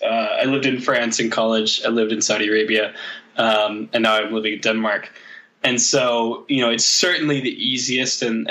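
A man's voice: medium pitch, bright, forceful tone. A man co-hosting a casual chat, rambling with many fillers and restarts and laughing often.

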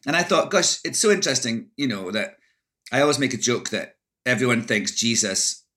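A man's voice: mid-range voice, animated, fairly quick, pushed and bright. A middle-aged Scottish man, an actor, reflecting in a casual interview with many restarts.

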